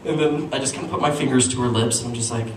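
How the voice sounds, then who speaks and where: A man's voice: steady tone, racing. Young man telling a stand-up story in an echoey room. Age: young adult. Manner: self-deprecating, acts out quotes with playful pitch jumps. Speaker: stand-up comedian. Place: small venue with audience. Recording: echoey room, distant mic, audience noise.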